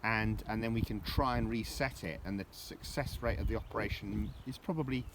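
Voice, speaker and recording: Man, middle-aged, deepish voice, casual rambling vlog chat, heavy outdoor background noise. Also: brisk. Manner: rambling and jokey, with cheeky asides. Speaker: vlogger. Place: outdoors on a dog walk.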